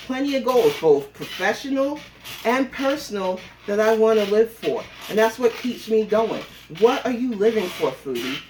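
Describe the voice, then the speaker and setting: A woman's voice: a little high, a little mellow, a little hiss or hum. A woman vlogging from her home on a phone camera, talking while she rides an exercise bike and bluntly scolding a rival with plenty of profanity. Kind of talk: confrontational callout vlog.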